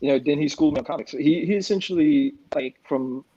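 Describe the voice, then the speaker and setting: A man's voice: on the high side, fast, dry recording. A man in his forties, a guest comics creator chatting on a livestream panel, telling stories and acting out the lines he quotes. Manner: animated storyteller who acts out quoted lines. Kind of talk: casual panel chat over a livestream. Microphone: video call. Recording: lo-fi livestream audio.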